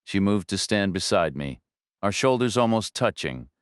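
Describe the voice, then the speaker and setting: A man narrating a thriller audiobook in first person, measured, low-key and dry. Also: very animated, clean tone, dry recording.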